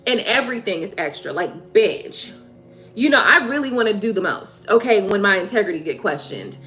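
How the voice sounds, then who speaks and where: A woman's voice: medium pitch, very animated, brisk, sharp tone, faint music behind. A woman hosting a live tarot stream, venting heatedly in casual talk, swearing and repeating herself.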